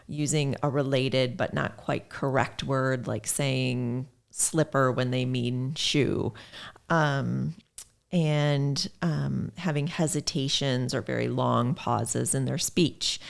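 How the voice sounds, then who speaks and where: A speech pathologist guest on a podcast talks in a measured, explanatory way. Her voice sits very low and has a gravelly fry running through it. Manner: measured, explanatory, lively when telling stories.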